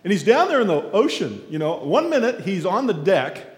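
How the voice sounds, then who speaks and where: A man speaking as a guest at a church, telling a folksy story as a sermon. He talks haltingly with many fillers, then gets lively and shouts out the characters' cries. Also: sits high. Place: large echoing church hall. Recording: echoey hall with long reverb.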